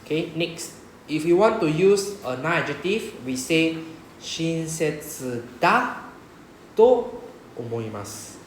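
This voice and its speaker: This slow-paced, very animated teacher has a slightly high voice and a Singaporean English accent, and he is explaining a Japanese lesson to his class. He repeatedly asks "right?" to confirm understanding. The low-quality recording sounds roomy, with a little hiss or hum.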